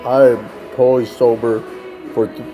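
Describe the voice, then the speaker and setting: A man's voice: mid-range voice, little pitch movement, moderate pace, warm tone, faint music behind, poor audio. A man telling a personal story in casual testimony style, acting out the dialogue of others and saying "man" often. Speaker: storyteller recounting street ministry.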